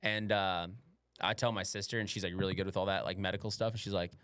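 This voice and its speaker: A man's voice: low-pitched, steady tone, fast, a bit bright, clean tone, dry recording, clean studio sound. A young man, a podcast host and stand-up comic, chatting casually and telling rambling stories full of swearing and playful slang.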